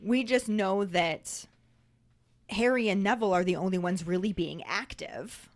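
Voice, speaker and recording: A woman's voice: mid-range voice, measured pace, dry recording. A woman co-hosting a podcast, chatting casually and acting out quoted lines. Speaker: podcast co-host. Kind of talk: casual chat.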